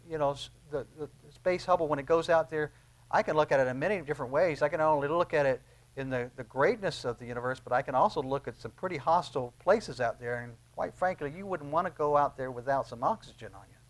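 A middle-aged man preaching a sermon, dropping to quiet, low asides and then rising to loud, emphatic peaks. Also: moderate pace. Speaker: pastor.

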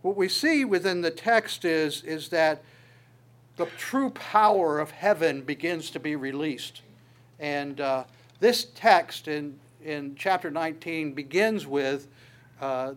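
An earnest male preacher with a slightly high voice delivers a sermon. He swells louder on scripture quotes and drops to a soft voice on asides. He often restarts phrases by repeating a word. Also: takes it slowly. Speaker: pastor.

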